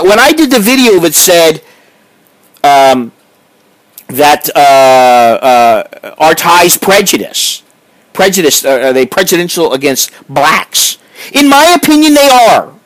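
A man's voice: high voice, a bit bright, rough recording. A middle-aged man from the United States, ranting in a profane, combative vlog monologue. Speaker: vlogger.

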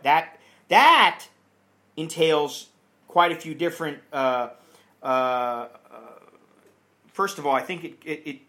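High-voiced, blunt man ranting. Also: a bit bright. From United States. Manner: blunt and profane, heavy swearing. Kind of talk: casual ranting monologue.

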